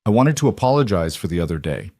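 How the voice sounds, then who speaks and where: A man voicing a polite, soft-spoken young cowboy who talks in a courteous, measured way. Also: low voice, big pitch swings, no room sound, clean studio sound, heavily acted. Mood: earnest. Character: polite, steady young cowboy, new in town.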